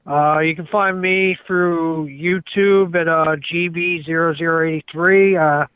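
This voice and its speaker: An easygoing American man chatting as a guest, with a fairly high voice. He chuckles between his remarks. The sound is tinny and phone-like, and dry. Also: fairly even intonation, takes it slowly, clear, resonant tone, dry recording. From United States. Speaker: researcher, guest. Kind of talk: casual chat.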